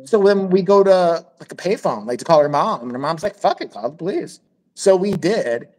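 A man's voice: high-pitched, brisk, poor audio. Guy on a podcast telling a wild story, swears a lot, voice swings up and down all over. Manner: profane, animated, acts out voices in stories. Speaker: podcast host. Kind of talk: casual storytelling chat.

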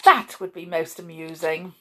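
A woman voicing an excitable, chatty male shopkeeper in a storybook reading, eager and effusive. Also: a little slow. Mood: excited. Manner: eager, effusive, high-pitched.

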